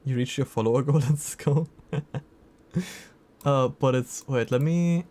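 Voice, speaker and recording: A man's voice: medium pitch, a little slow, mellow. Male streamer, mid-range voice, casual running chatter with viewers. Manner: chatty, reacts to chat messages. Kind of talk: casual livestream chat.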